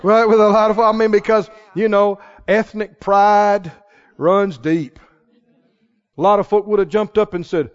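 A man preaching a sermon who rises into shouts and calls out questions to the congregation. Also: high voice, fairly even intonation, measured pace, dull audio.

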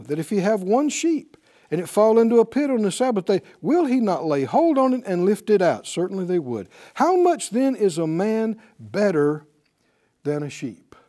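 A man preaches with emphatic energy and keeps asking his congregation questions. His voice sits fairly high and swings widely up and down as he drives each point home. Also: mellow. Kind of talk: sermon.

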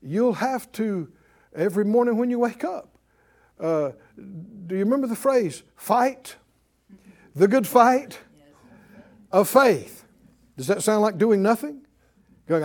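A man's voice: high voice, big pitch swings, measured pace, pauses often, darkish tone. A man teaching a Bible class in sermon style, preaching emphatically and asking the class questions.

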